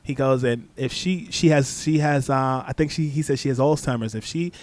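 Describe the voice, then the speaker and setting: A young man guesting on a sports talk podcast, telling stories in an animated way with frequent restarts. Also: medium pitch, moderate pace. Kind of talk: casual chat.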